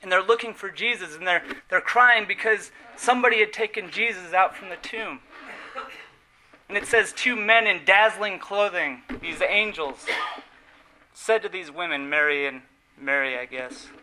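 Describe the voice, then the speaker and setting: Earnest high-voiced male preacher. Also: a little hiss or hum, low-quality recording. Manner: earnest, emphatic preaching with slow stressed words and soft trailing endings. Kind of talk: sermon.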